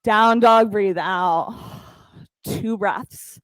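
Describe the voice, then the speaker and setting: A woman teaching a yoga class, calmly counting breaths and cueing poses with encouragement. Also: medium pitch, extremely slow, no room sound, rough recording. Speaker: yoga instructor. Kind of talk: guided yoga class cues.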